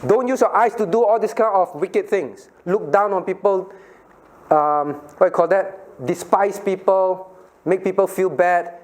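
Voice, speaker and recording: A man's voice: high voice, unhurried. A middle-aged male pastor leading a children's Bible lesson, asking questions, laughing often and acting out little scenes.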